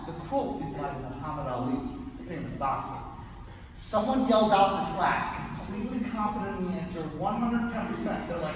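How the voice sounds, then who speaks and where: High-voiced man coaching in an echoey hall. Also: a little fast. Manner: energetic, barking counts and kiai shouts, joking asides. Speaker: martial arts instructor. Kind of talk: coaching a martial arts class. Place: large indoor training hall. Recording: echoey hall, mic far off, noisy.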